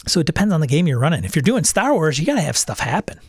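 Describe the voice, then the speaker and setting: A man with a slightly high voice chats casually about running tabletop games. He jumps into quick acted lines for his players as he tells stories. The sound is dry and close. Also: breathy edge, no room sound. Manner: animated storyteller who acts out players' quips. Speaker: game master and podcast host.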